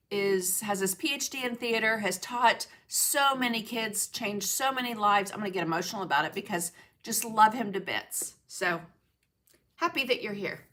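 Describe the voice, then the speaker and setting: A woman's voice: on the high side, bright, forceful tone. A middle-aged woman hosting a casual livestream from her home studio. She greets viewers by name and laughs often. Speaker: art journaling livestream host.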